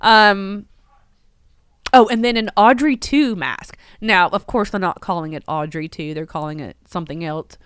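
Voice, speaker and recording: A woman running a casual live stream from her store, chatty and excitable, with lots of ums. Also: mid-range voice, normal speed, clean tone, no echo, studio quality. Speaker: shop owner hosting a livestream.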